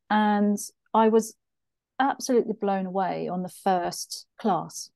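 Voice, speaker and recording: A middle-aged woman tells her own story as an interview guest, earnest and reflective, sometimes acting out her past thoughts. Her voice is dark and mellow, and the recording sounds dry and close. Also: mid-range voice, animated, moderate pace, no room sound.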